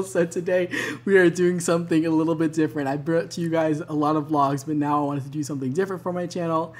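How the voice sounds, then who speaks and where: A man's voice: fairly high pitch, little pitch movement, fast talker. A young man hosting his vlog in a casual chat, laughing often between phrases. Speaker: vlog host.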